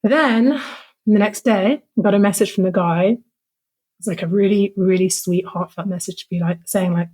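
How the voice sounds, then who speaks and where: A woman with a husky, slightly breathy voice at a middle pitch talks as a podcast guest. She tells a personal story in a loose, conversational way, full of "like" and frank, heartfelt phrasing. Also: normal speed, darkish tone. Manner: casual, fillers of "like", frank and emotional.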